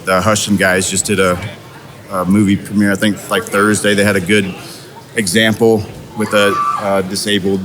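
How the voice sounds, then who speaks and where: A man chatting as a guest on an interview, relaxed and rambling with fillers and restarts. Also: fairly low pitch, moderate pace, background noise. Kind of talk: casual interview chat.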